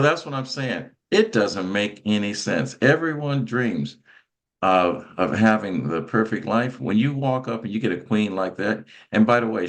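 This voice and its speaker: A man hosting a motivational talk show, talking emphatically and repeating himself as he calls out to his guests. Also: on the low side. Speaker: host. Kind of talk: animated talk-show chat.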